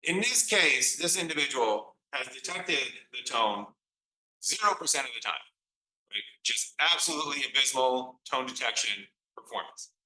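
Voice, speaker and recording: A man's voice: medium pitch, animated, moderate pace, bright, forceful tone, echoey room, far from the mic, low-quality recording. A man giving a recorded psychology lecture, explaining step by step and acting out examples. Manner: explanatory, acts out examples with quoted replies.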